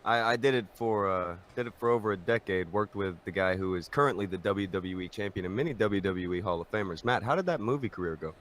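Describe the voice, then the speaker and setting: A man's voice: fairly low pitch, quick pace, few pauses, fairly bright tone, a little hiss or hum. A man co-hosting a heated show, throwing sarcastic, dismissive jabs. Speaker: show co-host. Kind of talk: heated profane podcast banter.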